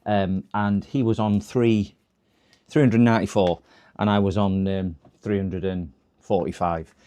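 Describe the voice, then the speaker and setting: Chatty man with a lowish voice. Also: steady tone, unhurried, dark tone, clean tone. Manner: rambling, chatty, many fillers. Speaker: live-stream repair channel host. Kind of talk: casual live-stream chat. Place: repair workshop.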